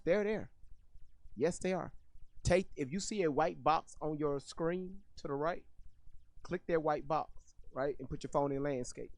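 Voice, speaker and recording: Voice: medium pitch, no room sound. A commentator reacting to a clip, talking straight to the viewers in a blunt, slangy, profane way.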